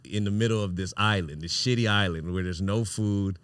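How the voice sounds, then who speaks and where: Here is a man hosting a podcast with a bright, forceful voice pitched a little low. He tells a story in a loose, animated way, swears freely and acts out the lines of the people in it. His voice is recorded dry and close, with no room sound. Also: a little fast, clean tone, no room sound. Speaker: podcast host. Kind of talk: casual storytelling.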